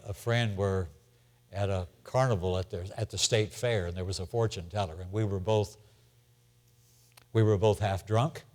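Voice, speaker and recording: An older man teaching a Bible class in a church, speaking plainly, asking the room questions and repeating his key points. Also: lowish voice. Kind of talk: conversational Bible lesson.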